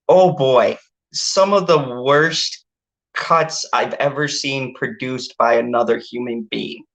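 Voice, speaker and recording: A woman hosting a casual movie review chat, ranting and swearing in exasperation. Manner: exasperated, swearing, ranting with animated pitch jumps.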